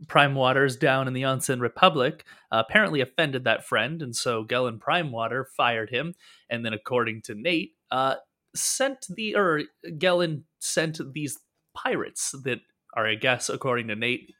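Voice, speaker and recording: A man's voice: mid-range voice, bright, forceful tone. A man narrating as game master of a tabletop game, rambling and restarting his sentences. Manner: rambling, many fillers and restarts.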